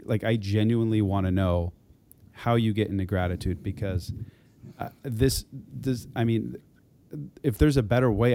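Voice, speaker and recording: A man's voice: fairly low pitch, mellow. A man hosting a casual conversation, asking questions with earnest curiosity.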